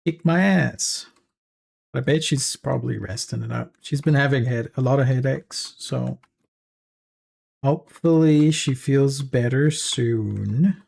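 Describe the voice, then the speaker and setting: A man with a South African accent, a native Afrikaans speaker, chatting casually on a livestream and reading chat aloud. He talks in a rambling way with halting restarts and frequent chuckles, and he sounds tired after a long session. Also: medium pitch, gravelly, darkish tone. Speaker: streamer.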